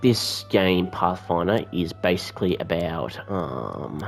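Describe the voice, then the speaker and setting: A man's voice: low-pitched, lively intonation, slow pace, creaky, soft background music. Chatty Australian man playing a game. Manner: rambling, chatty, swears casually. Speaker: gamer. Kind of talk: casual let's-play commentary.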